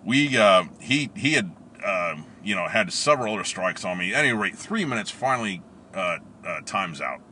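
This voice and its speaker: A middle-aged man tells a story in a very low, cutting, bright-edged voice. His pitch swings widely as he laughs and acts out what people said. Faint noise sits under the recording. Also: normal speed. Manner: animated, laughs often, acts out quoted lines. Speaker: storyteller recalling police academy training. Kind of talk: casual storytelling.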